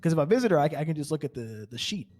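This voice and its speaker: A man's voice: on the high side, very animated, rapid-fire, a little mellow, faint music behind. A man roleplaying on a game server, telling an in-character story in a rambling way, full of fillers and stammered restarts. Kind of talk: in-character story, casual chat.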